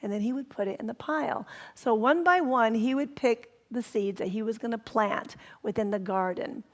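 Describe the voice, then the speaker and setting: A woman reverend tells a parable in a sermon, her voice pitched somewhat high. She speaks gently and drops to a near whisper to stress a point. Her words ring out with a long reverb in a large hall. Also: moderate pace. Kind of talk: sermon storytelling. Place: spiritual center hall.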